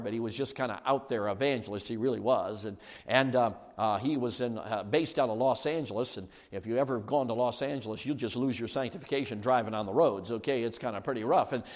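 A man preaching a sermon as pastor, shifting from quiet asides to shouted peaks. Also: mid-range voice. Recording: long hall reverb.

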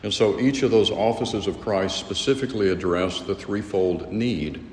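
Man, very low voice, measured earnest lecture, long hall reverb, faint background noise. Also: darkish tone. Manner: measured, earnest, with frequent restarts. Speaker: teacher. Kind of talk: theology lecture.

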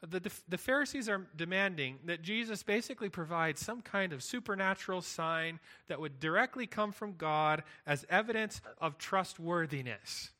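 A man's voice: high-pitched, animated, normal speed, few pauses, bright, forceful tone. A man preaching a sermon, earnest and emphatic, building points through repetition. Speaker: pastor.

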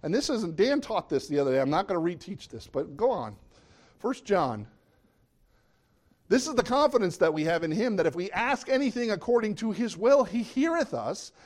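A man's voice: sits high, big pitch swings, normal speed. A middle-aged man preaching a sermon in a conversational way, often asking the listeners questions. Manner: conversational, asks the audience questions.

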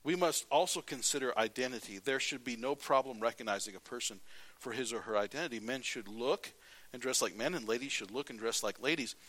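A man preaching a sermon as pastor, telling stories in a lively way and reading scripture aloud. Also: medium pitch, a little fast. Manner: animated storytelling, then plain scripture reading.

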